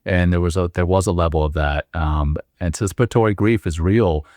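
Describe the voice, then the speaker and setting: A man co-hosting a podcast, relaxed and reflective, with lots of ums. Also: low-pitched, fairly quick, no echo, clean studio sound. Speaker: podcast co-host. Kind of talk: podcast interview conversation.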